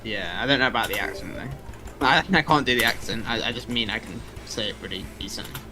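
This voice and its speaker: A man's voice: mid-range voice, fairly quick, music in the background. A British man chatting casually, rambling with frequent laughs and restarts. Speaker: gaming companion. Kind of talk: casual chat.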